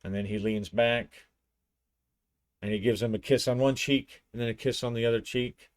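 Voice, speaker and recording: A man's voice: mid-range voice, steady tone, moderate pace, dry recording. A man narrating a solo tabletop roleplaying session, storytelling with frequent restarts.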